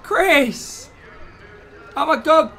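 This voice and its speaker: A live streamer, chatting casually, excitable and flustered, laughing often. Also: high-pitched, very slow, gravelly, faint music behind.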